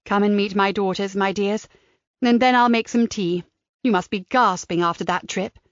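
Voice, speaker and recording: A woman voicing a hospitable London woman in her seventies, with a London accent and a warm, chatty manner. The recording is dry and slightly dull. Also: mid-range voice, fairly even intonation, normal speed, dry recording, lightly acted. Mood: welcoming. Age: 70s.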